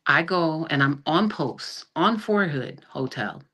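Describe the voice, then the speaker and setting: Very deep-voiced woman telling her story. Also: slow pace, husky. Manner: animated retelling that acts out quoted dialogue, with frequent restarts. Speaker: guest, army sergeant. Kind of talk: personal storytelling in a podcast interview. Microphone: video call.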